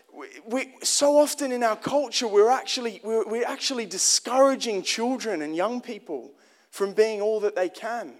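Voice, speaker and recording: A man's voice: high voice, moderate pace. A man preaching a sermon in an earnest, conversational way, often restarting phrases and asking the congregation direct questions.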